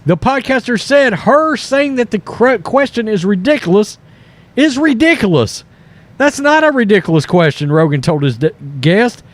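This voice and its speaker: A man hosting political commentary over news clips, animated and mocking, often mimicking the people he quotes. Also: high voice, moderate pace, no room sound. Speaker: commentary host.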